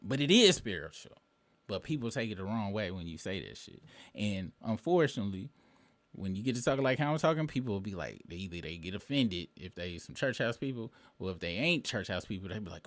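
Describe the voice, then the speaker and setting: A man's voice: fairly low pitch, sing-song, a little fast, dry recording. A man in his late thirties hosting his own show, delivering a rambling, profane commentary monologue with emphatic bursts. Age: late 30s. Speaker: show host.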